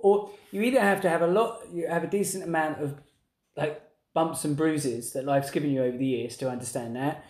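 A man's voice: on the high side, a little fast, a little mellow. Man chatting in a roomy space. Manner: rambling, restarts sentences. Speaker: podcast co-host. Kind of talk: casual chat.

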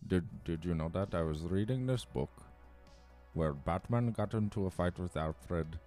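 A man from Alaska with a somewhat low voice drops deadpan, absurd jokes into casual podcast chat. He tells rambling stories in an even delivery, with faint music behind him. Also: unhurried. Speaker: podcast co-host. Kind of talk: casual joking banter.

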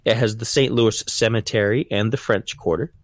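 A man's voice: lowish voice, fairly even intonation, normal speed, no room sound. A man from Ohio co-hosting a podcast, chatting casually in a rambling, laid-back way. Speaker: podcast co-host.

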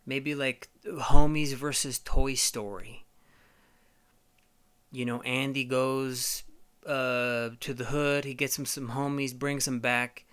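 A man hosting a podcast, telling a rambling, profane comedic monologue with lots of halting fillers. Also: mid-range voice, little pitch movement, a bit bright, smooth. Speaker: podcast host.

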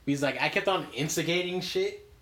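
A man's voice: on the high side, brisk, sharp tone. A man hosting a podcast, chatting casually with a co-host, rambling through stories with lots of fillers and frequent laughs. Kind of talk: casual chat.

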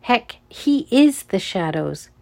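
A woman's voice: sing-song, takes it slowly, creaky, exaggerated voice. A woman doing a hulking, throaty guard. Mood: urgent. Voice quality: deep, throaty. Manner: urgent, hushed warnings. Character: huge gruff male security guard.

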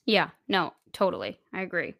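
A woman's voice: on the low side, very animated, moderate pace, gravelly, fairly bright tone, no room sound, studio quality. A woman co-hosting a podcast, chatting casually through an episode recap with plenty of fillers. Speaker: podcast co-host. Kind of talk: casual spoiler recap chat.

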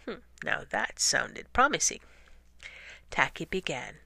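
A woman reading a children's story aloud in a soft, often half-whispered, unhurried way. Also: deep voice, no echo. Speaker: storybook reader.

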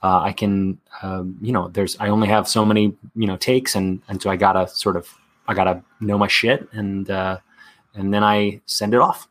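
Speaking at a normal pace, this Texas-born actor has a fairly low, fairly bright voice with little pitch movement. He chats candidly in a casual interview, often using fillers and starting over.

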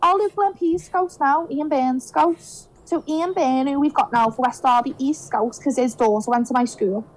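A young woman from Liverpool speaks in a broad Scouse accent, her voice sitting high. She chats in a relaxed podcast style and slips into quoted dialogue as she tells her stories. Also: moderate pace, few pauses, low-quality recording. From Liverpool, England. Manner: chatty, animated storytelling, acts out quoted dialogue. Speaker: guest. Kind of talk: casual podcast chat.

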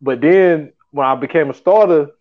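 A man's voice: on the high side, normal speed, phone-quality sound. A man hosting a podcast in casual chat, rambling and filling with "you know what I'm saying.". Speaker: podcast host.

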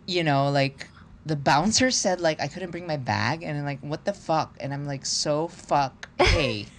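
A man's voice: a little high, measured pace, a little hiss or hum. A man putting on a ditzy valley girl. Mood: exasperated. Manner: filler-heavy drawl with constant "like". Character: ditzy valley girl partygoer, young woman.

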